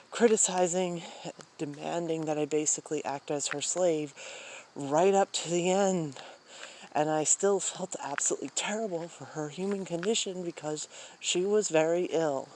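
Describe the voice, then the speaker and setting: A woman's voice: fairly low pitch, darkish tone, a little hiss or hum. A woman talking casually while walking outdoors at night, rambling with many fillers and sighs. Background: crickets and insects.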